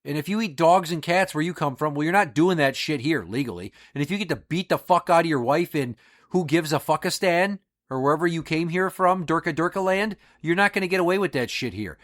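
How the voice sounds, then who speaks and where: A man's voice: fairly high pitch, lively intonation, fairly quick. A man hosting a podcast, delivering an angry, profanity-laced monologue with emphatic outbursts. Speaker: podcast host.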